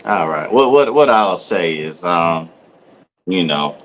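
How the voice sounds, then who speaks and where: A man's voice: sits low, expressive, takes it slowly, muffled recording, a little hiss or hum. A man co-hosting a casual podcast, giving laid-back advice and joking as he talks. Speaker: podcast co-host. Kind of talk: casual chat.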